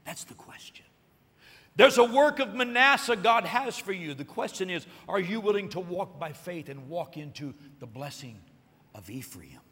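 A man preaching a sermon, telling a story with lively acted-out voices and rising to excited peaks. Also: high voice, moderate pace, big-room sound. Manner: animated storytelling, acting out voices and building to shouted peaks. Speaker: pastor.

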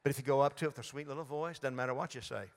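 A man's voice: medium pitch, racing. A man, preaching a sermon in a folksy, humorous storytelling way in a church. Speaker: guest preacher. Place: church sanctuary. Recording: long hall reverb.

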